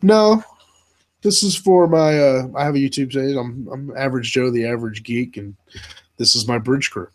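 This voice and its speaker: A man with a North Carolina Southern accent hosting a casual live reaction chat, excitable and laughing often, tripping over his words. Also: medium pitch, normal speed, low-quality recording. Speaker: host.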